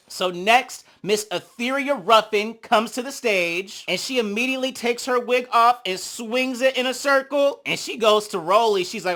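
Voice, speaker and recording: Sassy gossipy recap host, bright voice. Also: normal speed, few pauses. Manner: sassy, gossipy, swears a lot, acts out quotes; big swings in pitch and loudness when reacting. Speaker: reality show recap host. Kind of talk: casual commentary.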